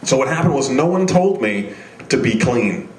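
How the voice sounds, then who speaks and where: Rambling stand-up comic, echoey room. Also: male voice, medium pitch, lively intonation, moderate pace, crowd noise. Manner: rambling, self-deprecating, many restarts. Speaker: stand-up comedian. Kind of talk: live stand-up set. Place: small comedy venue stage.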